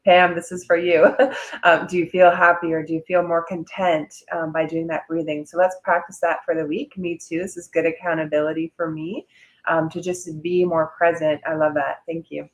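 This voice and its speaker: A woman's voice: sits low, little pitch movement, normal speed, poor audio. A woman hosting a livestream video call, encouraging the audience and sharing her own experience. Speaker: host.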